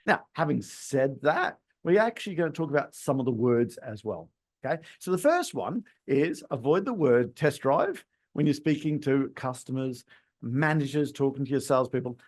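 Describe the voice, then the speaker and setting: A man hosting a solo podcast on sales, talking in an emphatic, animated way and playing with his tone of voice. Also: medium pitch, moderate pace. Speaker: podcast host and sales trainer.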